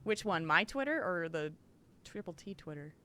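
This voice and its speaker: A woman's voice: fairly low pitch, animated, moderate pace, pushed and bright, slight background noise. A woman co-hosting a podcast from her living room, chatting casually and laughing often. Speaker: podcast co-host. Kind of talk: casual chat.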